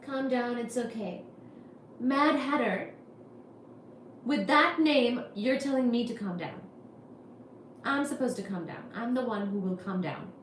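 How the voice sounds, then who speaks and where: A woman's voice: a little high, expressive. Playful woman chatting on a livestream. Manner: playful, laughs often, soft and drawn-out. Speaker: livestream host. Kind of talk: casual livestream chat reading comments. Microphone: iPad. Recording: roomy echo with faint background noise.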